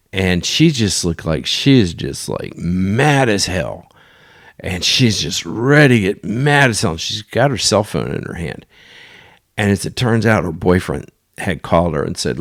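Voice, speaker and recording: A man's voice: low voice, no room sound, clean studio sound. A man hosting a podcast, telling a sailing story in a casual, rambling way with crude asides.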